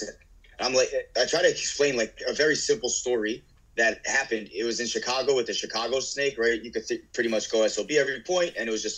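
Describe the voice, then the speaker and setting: A man telling a paintball story in casual talk, animatedly acting out his teammates' shouted lines. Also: medium pitch, quick pace, low-quality recording. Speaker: guest paintball player.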